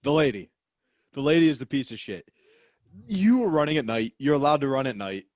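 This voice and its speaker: A man's voice: medium pitch, very animated, fairly quick, a little mellow, no room sound, clean studio sound. A man co-hosting a comedy podcast in casual chat, laid-back and wry with some swearing. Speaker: podcast co-host.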